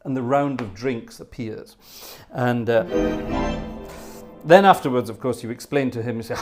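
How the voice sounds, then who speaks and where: A man's voice: mid-range voice, normal speed. An older man hosting an organ livestream, chatting casually between pieces in a rambling, self-deprecating way, chuckling and restarting as he tells a playful story. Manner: playful storyteller, puts on little voices.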